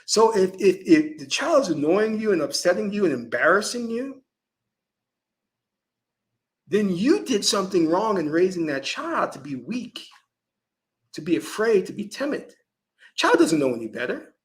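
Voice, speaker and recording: Emphatic man preaching in lively tones. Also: sits high, measured pace, pauses often, rough recording. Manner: emphatic, preachy, lots of restarts. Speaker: Kemetic priest. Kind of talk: spiritual lecture monologue.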